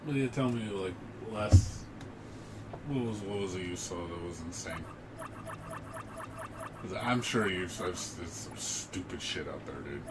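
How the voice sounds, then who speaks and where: A man's voice: sits low, animated, measured pace, long pauses, heavy background noise. A young man livestreaming and chatting casually while he plays, ranting in a profane, exasperated way. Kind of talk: casual chat while gaming.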